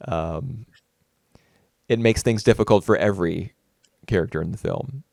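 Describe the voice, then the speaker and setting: A man's voice: fairly low pitch, moderate pace, gravelly, a little mellow, dry recording, studio quality. A man co-hosting a casual film podcast, thoughtful and rambling with many fillers and restarts. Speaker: podcast co-host. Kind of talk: casual film review chat.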